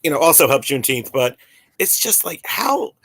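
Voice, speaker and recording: A man's voice: on the high side, sing-song, normal speed, fairly bright tone, breathy edge, no echo. Rambling man in his forties. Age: 40s. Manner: rambling, full of fillers and restarts. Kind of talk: casual chat.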